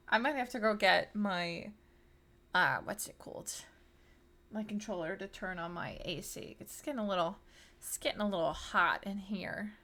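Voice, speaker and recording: A woman streamer chatting casually with her viewers, excitable and talkative, loudly greeting people in chat. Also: mid-range voice, normal speed. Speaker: streamer host.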